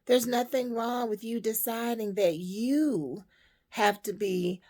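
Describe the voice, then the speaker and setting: Woman storyteller, slow and gravelly, emphatic life advice. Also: on the high side, darkish tone. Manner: slow, emphatic, preaching to women. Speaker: storyteller and motivational speaker. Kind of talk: spoken parable and life advice.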